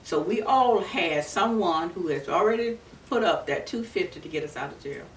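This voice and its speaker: A woman in her seventies from Florida, recalling her civil rights days in an earnest, unhurried oral-history telling. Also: lowish voice, animated. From Florida, USA. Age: 70s. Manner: earnest, unhurried storytelling with many restarts. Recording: roomy, distant mic with faint background noise.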